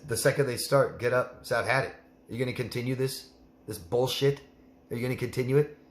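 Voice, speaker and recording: A man's voice: mid-range voice, steady tone, fast, echoey room. A man coaching a listener in a live Q&A, blunt and emphatic, repeating her name as he gives advice. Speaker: life coach.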